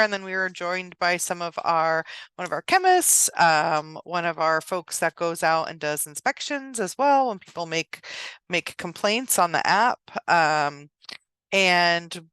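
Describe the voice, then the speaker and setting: A woman's voice: fairly low pitch, expressive, measured pace, fairly bright tone, clean tone, no room sound. A woman from an agency's outreach team giving a casual update in an online meeting, with many fillers. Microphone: video call.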